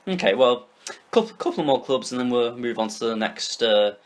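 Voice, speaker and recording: A man's voice: medium pitch, lively intonation. Brief: young British man, podcast host, opinionated casual football talk. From Britain. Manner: opinionated, quick, asks questions.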